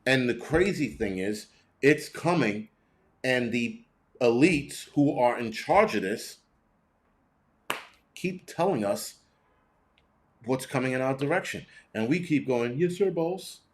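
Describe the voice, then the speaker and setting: A man of average pitch hosts his prepping livestream in a loose, unscripted ramble. He answers viewer comments bluntly and swears freely, stumbling and restarting as he goes. His voice swings upward whenever a rant builds. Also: slow pace, long pauses. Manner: animated, jumping between high and low pitch when ranting. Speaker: host of a prepping channel. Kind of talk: casual livestream chat, reacting to viewer comments.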